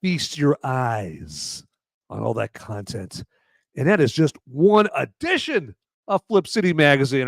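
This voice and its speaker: A man's voice: medium pitch, sing-song, a little slow, dry recording. Jokey rambly guy hosting a live show, voice jumps all over, dry close sound. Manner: rambling and jokey, with sudden loud shouty bursts. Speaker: podcast host. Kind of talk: live-stream movie review chat.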